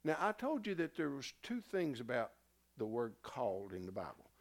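A man's voice: medium pitch, moderate pace. A man teaching a Bible class in a loose, conversational way, often stopping to quiz his listeners and restarting his sentences. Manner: animated, self-interrupting, asks the class questions.

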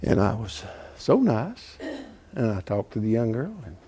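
A man's voice: on the low side, measured pace, husky. A man in his seventies preaching, telling a folksy story with rising animation. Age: 70s. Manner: folksy, animated, builds to loud. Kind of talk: storytelling sermon.

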